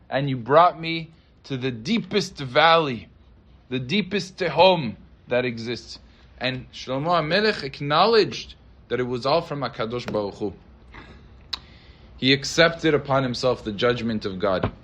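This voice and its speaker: A rabbi telling a story in a dramatic sermon, acting out the voices of the people in it. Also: male voice, fairly high pitch, a bit bright.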